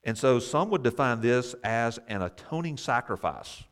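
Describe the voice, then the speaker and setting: A man's voice: mid-range voice, lively intonation, normal speed. A man leading a Bible study class, explaining verses and asking the group questions, with wry asides.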